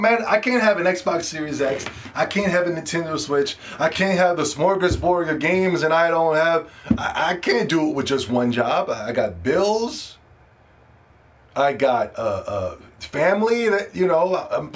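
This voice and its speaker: A man hosting a casual solo gaming podcast, joking and ranting in a loose, profane way that swings from loud excitement to quiet asides. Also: fairly high pitch. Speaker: podcast host.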